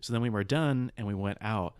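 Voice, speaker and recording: A young man in his twenties hosts a relaxed podcast conversation, drifting from one side story to the next with plenty of fillers. His voice sits very low, and the recording is dry with no room sound. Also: a little fast, clean tone, no room sound. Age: 20s. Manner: rambling storyteller, full of side stories and fillers. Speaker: podcast host. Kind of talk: casual podcast chat.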